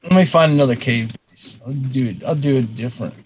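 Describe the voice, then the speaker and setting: A man's voice: mid-range voice, brisk, a little hiss or hum, rough recording. A man reacting to his game as he plays, frustrated and running commentary. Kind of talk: playing a game while chatting.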